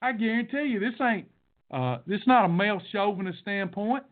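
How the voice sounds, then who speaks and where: A high-voiced man delivers a blunt, folksy pep talk with the cadence of a sermon, hammering each point twice. His voice comes through thin and tinny, like a phone line, and he pushes hard at his audience. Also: moderate pace. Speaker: podcast host. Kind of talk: preachy motivational monologue.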